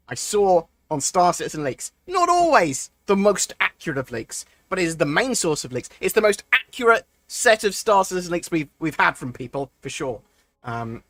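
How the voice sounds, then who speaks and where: Here a man with a slightly high, somewhat bright voice handles viewer questions during a casual live stream. There's no echo, and he wanders as he talks, filling gaps with ums and starting sentences over.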